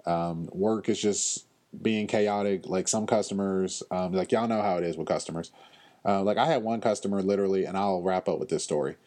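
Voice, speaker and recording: A man hosting a podcast, telling stories in a casual, animated and blunt way, with lots of fillers and slang. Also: sits low. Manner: frequent fillers and pauses. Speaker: podcast host. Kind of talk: casual chat.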